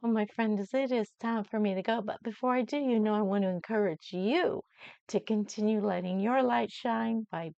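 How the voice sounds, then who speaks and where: An older woman reading gently to young children, coaxing them with questions in a slow, sing-song manner. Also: medium pitch, creaky, no echo. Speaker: children's storyteller. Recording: dull lo-fi sound.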